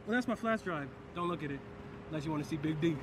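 In a noisy outdoor street recording with traffic, a man is being arrested in a car park. His voice is fairly high and fast as he jokes and rambles in playful banter.

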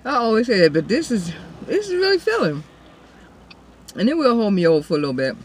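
A woman's voice: on the high side, very animated, a little fast, slight background noise. A woman hosting a casual eating show, chatting with her viewers between mouthfuls and calling them y'all. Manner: eats and chews between remarks. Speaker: mukbang vlogger.

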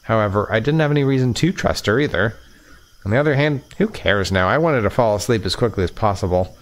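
A man narrating a visual novel aloud in first person, measured and sometimes stumbling over his words. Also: on the low side, lively intonation. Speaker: let's play narrator.

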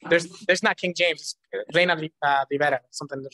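Man, church testimony, animated storyteller who laughs often, dry close recording. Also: a little high, brisk, no room sound. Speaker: church member giving a testimony.

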